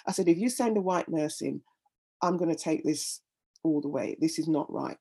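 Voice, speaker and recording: Her voice is low, warm, and husky, moving at a moderate pace. The middle-aged woman is a guest in a candid interview, telling her personal story with heartfelt earnestness and often repeating words as she gathers herself.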